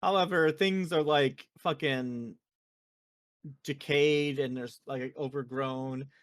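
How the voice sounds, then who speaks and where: Swearing, animated woman co-host. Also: rumbling low, slow pace, dry recording, clean studio sound. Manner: swears casually and acts out quoted lines. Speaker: podcast co-host. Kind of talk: casual chat retelling a game.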